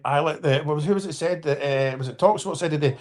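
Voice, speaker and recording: Fifties man, a touch high-voiced, rambling live-stream football talker. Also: fast talker, a little mellow. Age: 50s. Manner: rambling, frequent restarts and apologies, addresses viewers by name. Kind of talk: casual football chat.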